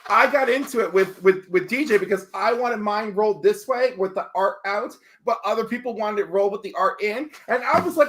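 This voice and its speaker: A man guest in a casual chat, telling jokey stories in an animated way. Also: high-pitched, brisk, hardly any pauses, slight background noise.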